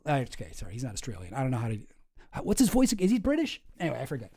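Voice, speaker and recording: A man's voice: medium pitch, wildly swooping pitch, rapid-fire, dark tone, husky. A young man hosting a casual commentary stream, rambling and swearing as he talks through a news article. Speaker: streamer host.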